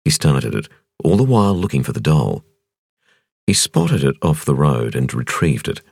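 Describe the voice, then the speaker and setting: A man reading a thriller audiobook in a measured, expressive narration. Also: extremely low pitch, vocal fry, breathy edge, dry recording, clean studio sound. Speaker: audiobook reader.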